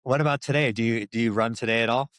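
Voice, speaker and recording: A man's voice: mid-range voice, steady tone, fast talker, fairly bright tone, no room sound, studio quality. A man hosting a podcast, asking rambling questions and summing up the talk with frequent restarts. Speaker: podcast host. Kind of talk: casual podcast interview.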